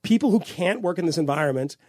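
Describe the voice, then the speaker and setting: A man co-hosting a political podcast, talking in an animated, rambling way with lots of swearing and restarts. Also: on the high side, fast, dry recording, studio quality. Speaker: podcast co-host. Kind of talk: casual political chat.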